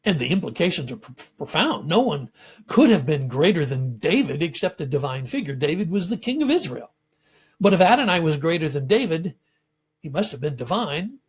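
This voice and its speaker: A man giving a measured, explanatory lecture on scripture as a Bible teacher, pausing often with ums and uhs. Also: a little high, sing-song, husky.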